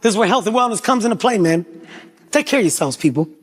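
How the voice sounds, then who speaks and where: High-pitched, shouting stand-up comic. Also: male voice, fast, breathy edge. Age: 40s. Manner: animated, profane, often shouting and laughing. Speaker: stand-up comedian. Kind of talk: stand-up storytelling. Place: live comedy stage before a crowd.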